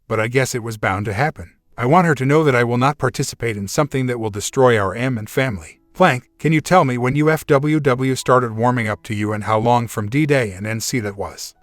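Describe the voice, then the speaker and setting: A man at a middle pitch narrates a written first-person account in a steady, even way. His voice is close and dry, with no room sound around it. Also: no room sound. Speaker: story reader.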